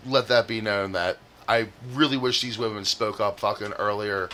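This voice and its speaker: An opinionated man with a bright, forceful voice who makes emphatic and sarcastic points. A faint hiss of noise sits behind him. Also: on the low side, fairly even intonation, normal speed. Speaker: podcast co-host. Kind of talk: crude casual banter.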